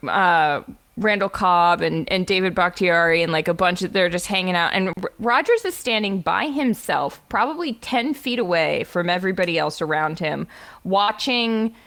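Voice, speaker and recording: Woman podcast co-host, young adult, lively anecdote-teller full of fillers. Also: fairly low pitch, normal speed. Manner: animated, laughing storyteller with many fillers. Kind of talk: casual storytelling chat.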